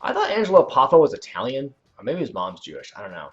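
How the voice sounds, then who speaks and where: A man hosts a relaxed gaming livestream and talks off the cuff, circling back and correcting himself mid-sentence. His pitch swings widely, and he bursts out loudly at moments in the game. The audio is a little dull and lo-fi. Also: fast talker. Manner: rambling and self-correcting, with sudden loud outbursts reacting to the game. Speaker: channel host. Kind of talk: casual livestream chat while playing a video game.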